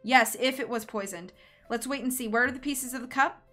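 A woman reading aloud, voicing a calm, steady young woman detective. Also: a little high, brisk, faint music behind.

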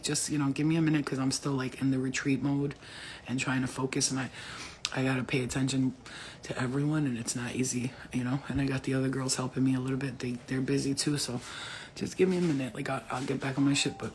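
A woman's voice: a bass voice, a little mellow, slight background noise. A woman, a spiritual healer and retreat host, chatting casually and effusively on a livestream from home at night, rambling and swearing. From Albanian family.

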